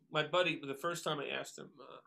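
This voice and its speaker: A man's voice: on the high side, big pitch swings, unhurried, creaky, a bit bright. A man from the New York area, a guest musician, telling stories casually with lots of fillers and acted-out quotes. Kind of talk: casual storytelling.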